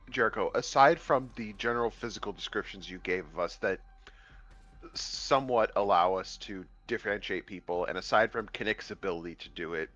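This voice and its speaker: A man's voice: lowish voice, fairly bright tone. A man playing in a tabletop game, asking direct, practical questions in a casual tone. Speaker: player. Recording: muffled lo-fi mic.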